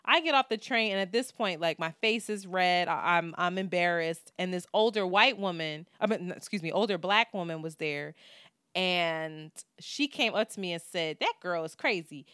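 A woman's voice: on the low side, moderate pace, a bit bright, smooth, dry recording, studio quality. A woman, co-hosting a podcast and telling a story in casual, profane talk, acting out what people said. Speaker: podcast co-host.

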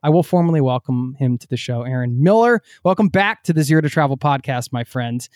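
A man's voice: medium pitch, animated, a little fast, a little mellow, dry recording, clean studio sound. A man hosting a travel podcast, enthusiastic and chatty. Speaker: podcast host.

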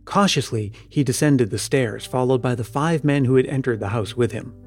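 A man narrating an audiobook in a steady, measured storytelling manner. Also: mid-range voice, husky, soft background music. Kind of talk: scripted narration.

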